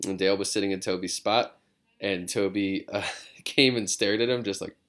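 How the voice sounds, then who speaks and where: A man's voice: lowish voice, fairly even intonation, moderate pace, a bit bright. A man, a comedian, chatting casually and rambling from his living room, drifting between digressions with self-mocking humor. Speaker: comedian vlogger.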